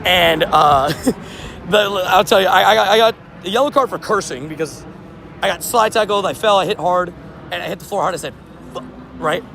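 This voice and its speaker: A young man streaming, telling sports stories in a casual, animated way, laughing and repeating himself. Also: high-pitched, moderate pace, creaky, slight background noise. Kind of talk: casual livestream storytelling.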